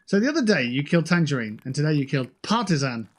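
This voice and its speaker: Lively man streaming a shooter game. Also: fairly high pitch, quick pace. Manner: animated, joking and swearing at opponents. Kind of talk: casual gaming livestream chat. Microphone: gaming headset.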